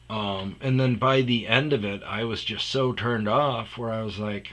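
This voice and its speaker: A man's voice: on the low side, expressive, moderate pace, fairly bright tone, breathy edge. A man hosting a podcast, telling a rambling, self-mocking story in casual chat, full of fillers and restarts. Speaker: podcast host.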